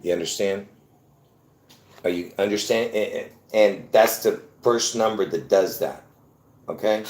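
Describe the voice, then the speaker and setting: An unhurried man with a lowish, slightly mellow voice speaks directly to his viewers in an echoey room. As a video host giving a rambling explanation, he repeats himself, restarts often, and fills gaps with fillers while insisting on his point.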